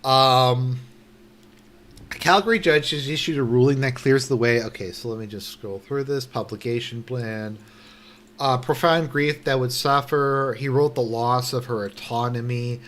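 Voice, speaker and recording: A man's voice: medium pitch, fairly bright tone. Indignant, sarcastic man commenting on news. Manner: indignant and sarcastic, swears, halting with many restarts. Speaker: online commentator. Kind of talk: casual commentary reading a news article.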